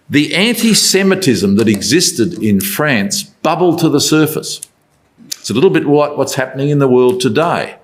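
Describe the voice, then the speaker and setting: A man delivering a Bible talk at a middle pitch. He speaks conversationally and often puts rhetorical questions to his listeners.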